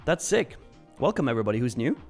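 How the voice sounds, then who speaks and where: A man's voice: mid-range voice, big pitch swings, fast, darkish tone, faint music behind. A young man hosting a live stream, casually reading viewer messages aloud and answering them. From Switzerland. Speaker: live-stream trading host.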